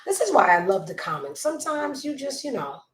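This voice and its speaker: A woman hosting a gossip show from home on a desk mic, blunt and judgmental, swinging between loud outbursts and hushed asides. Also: a little high, sing-song, brisk, reverberant, low-quality recording. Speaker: show host. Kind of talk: casual gossip commentary. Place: home room with a child nearby.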